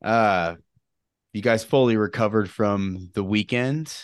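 A man's voice: on the low side, slow pace, smooth, no room sound, studio quality. A man co-hosting a casual podcast, rambling and joking with frequent laughs. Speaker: podcast co-host. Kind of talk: casual chat.

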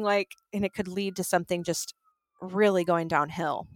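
A woman in casual conversation, explaining relationship conflict at a medium pitch. She acts out the lines of everyday quarrels with lively changes in her voice. The recording is close and dry. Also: moderate pace, no room sound. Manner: animated, acts out quoted lines.

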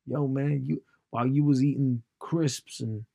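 Casting: a man doing a swaggering American gym bro, gravelly voice, dry sound. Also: mid-range voice, fairly even intonation, measured pace, mellow, no room sound. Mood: boastful. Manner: bragging, swaggering.

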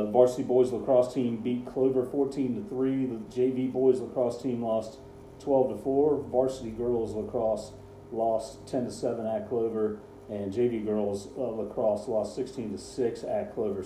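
A man's voice: lowish voice, dark tone, echoey room, a little hiss or hum, low-quality recording. A man co-hosting a casual sports talk show, running through game scores with dry sarcasm. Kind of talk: casual radio sports chat.

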